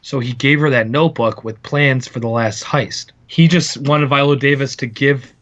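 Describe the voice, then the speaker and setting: An enthusiastic man chatting casually on a podcast, his voice at an ordinary middle pitch. The sound is a bit dull and lo-fi, and he often stumbles over repeated words as he gets going. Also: moderate pace, fairly bright tone. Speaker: podcast co-host. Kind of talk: casual chat.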